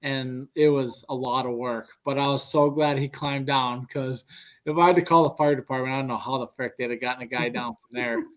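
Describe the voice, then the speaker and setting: A man's voice: mid-range voice, a little fast. A young man casually telling a story among friends on a podcast, acting out the quotes in a raised voice. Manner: animated, acts out quotes in a raised voice. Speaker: podcast co-host.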